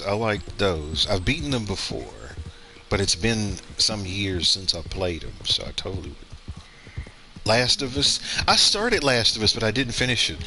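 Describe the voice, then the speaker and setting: Male streamer, lowish pitch with a bright, forceful edge; casual rambling play-along commentary. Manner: rambling, thinks aloud with fillers and restarts. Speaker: gaming streamer.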